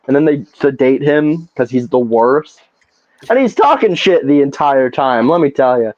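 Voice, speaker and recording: A man co-hosting a podcast, ranting in a profane, animated way in casual chat. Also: mid-range voice, normal speed, no room sound. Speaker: podcast co-host. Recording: slightly dull lo-fi podcast audio.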